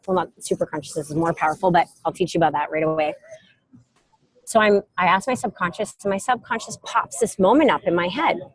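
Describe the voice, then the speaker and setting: Middle-aged lady giving a self-help talk, lowish voice, tells stories acting out everyone, dry sound. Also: fairly quick, dry recording. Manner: animated storytelling with acted quotes. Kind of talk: casual motivational talk. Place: airport.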